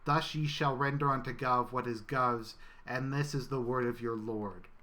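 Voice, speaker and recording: A man voicing a pompous, wrathful male bureaucrat god who booms grandiose proclamations. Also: fairly even intonation, normal speed, bright, forceful tone, lightly acted.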